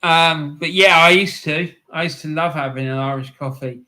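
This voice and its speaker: Reading through his chat, this man hosts a live stream at a moderate pace, his voice a little high and his tone sharp. He keeps things casual, laughing a lot and addressing viewers as "mate".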